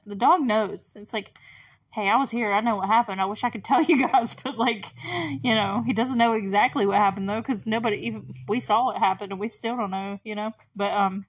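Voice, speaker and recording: A woman's voice: medium pitch, fairly bright tone. A woman hosts a podcast in a loose, conversational recap style. She talks in a mid-range voice, filling her sentences with "like" and "um" and breaking into laughter between remarks. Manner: chatty, filler-heavy, laughs between remarks. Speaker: podcast host. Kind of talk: casual TV episode recap.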